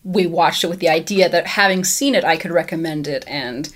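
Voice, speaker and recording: A woman's voice: low-pitched, brisk. A woman co-hosting a casual film podcast, speaking in a dry, wry way with casual swearing. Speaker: podcast co-host.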